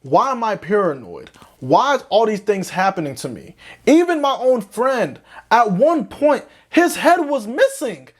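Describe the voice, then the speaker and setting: A young man from Florida telling a storytime tale in slangy talk, swinging between panicky high squeaks and low drawls. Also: big pitch swings, a little slow. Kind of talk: animated storytime narration.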